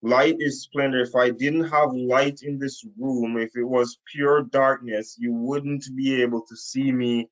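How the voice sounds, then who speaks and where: A man delivers a Bible lesson straight to camera from a room, taking his time over every phrase. He leans on repetition to drive each point home, at an unhurried pace and an ordinary middle pitch. The sound is a little dull and lo-fi. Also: steady tone. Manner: slow, emphatic, repeats key phrases. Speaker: preacher. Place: indoor room.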